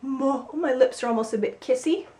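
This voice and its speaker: A woman vocal coach giving a singing lesson, explaining clearly and with a playful, upbeat manner. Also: high-pitched, brisk, warm tone. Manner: clear, upbeat instructive delivery with playful demonstrations. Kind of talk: singing lesson with spoken instruction. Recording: roomy echo with faint music.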